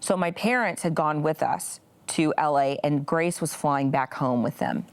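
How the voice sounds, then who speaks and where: Earnest woman with a gravelly low voice. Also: unhurried. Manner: earnest, many "you know" fillers. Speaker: guest, pro-life activist. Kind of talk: interview storytelling.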